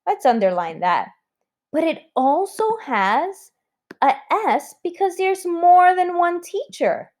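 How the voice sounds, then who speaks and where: A woman's voice: a little high, big pitch swings, slow pace, a little mellow. A woman teaching a recorded spelling lesson to children, sounding out words letter by letter.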